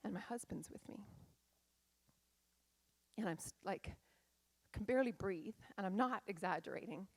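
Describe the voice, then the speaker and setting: A woman's voice: medium pitch, moderate pace, pauses often. A middle-aged woman, a life coach, giving a candid and dramatic personal storytelling talk on stage.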